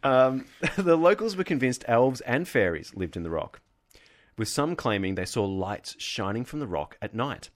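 A man hosting a comedic podcast, reading a folklore story aloud in an even tone and breaking off to joke. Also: medium pitch, moderate pace. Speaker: podcast host.

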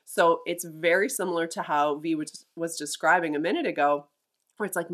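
Lower-voiced middle-aged mother, reflective. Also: steady tone, normal speed, a bit bright. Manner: reflective, restarts with repeated words. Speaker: mother and podcast co-host. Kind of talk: casual chat.

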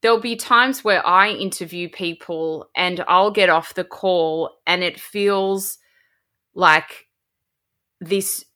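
An Australian woman with a bright, clear voice talks warmly and eagerly on a video call. Her voice sits a little low for a woman. She builds her points with heartfelt emphasis. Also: slow pace. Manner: enthusiastic and heartfelt. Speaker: podcast host as guest. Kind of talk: casual interview chat.

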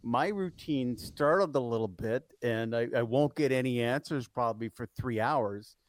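A man's voice: mid-range voice, normal speed, dry recording. A man co-hosting a sports radio show, telling rambling stories full of fillers. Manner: rambling storyteller, many fillers. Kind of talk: casual sports radio chat. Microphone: studio microphone.

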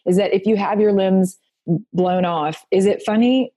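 A woman's voice: mid-range voice, moderate pace, warm tone. A middle-aged woman chatting as a guest, telling stories animatedly and acting out the voices she quotes. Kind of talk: casual chat.

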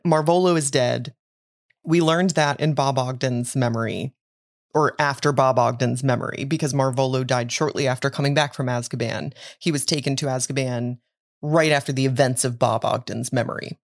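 A woman's voice: sits low, no room sound, studio quality. A woman co-hosting a podcast, casually explaining book details and laughing readily. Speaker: podcast co-host. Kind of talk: casual book-discussion chat.

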